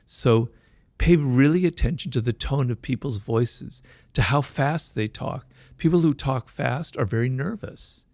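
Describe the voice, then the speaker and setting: Middle-aged guy w a gravelly voice, talks quick and emphatic, dry close sound. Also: medium pitch, a little mellow, dry recording. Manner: fast-talking, admits his mind races; emphatic, peppers points with "right?". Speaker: interview guest, author. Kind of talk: conversational interview.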